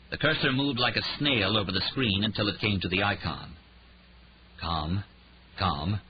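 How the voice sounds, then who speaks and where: A man's voice: lowish voice, animated, normal speed, pauses often. A man narrating an audiobook thriller in a tense, dramatic reading. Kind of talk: scripted narration. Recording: slightly dull audio with faint noise.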